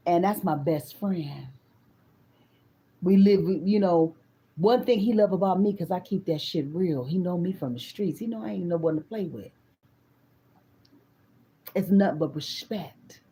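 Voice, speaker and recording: Blunt, profane woman in her fifties, mellow voice. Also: on the low side. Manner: blunt, profane, animated, talks straight to the viewers. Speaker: tarot reader. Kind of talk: casual personal storytelling.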